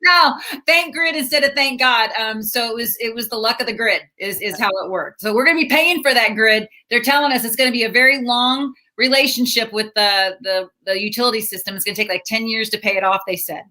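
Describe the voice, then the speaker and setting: A woman's voice: a little high, brisk, pushed and bright. A woman comedian guest in a casual interview over a video call, joking playfully and laughing at her own stories.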